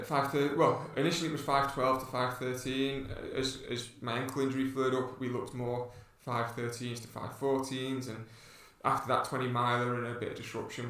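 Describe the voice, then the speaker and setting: A man's voice: mid-range voice, level tone, normal speed, hardly any pauses, a bit bright. A man, a podcast co-host and runner, telling a rambling story in casual chat with many restarts. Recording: echoey room, distant mic.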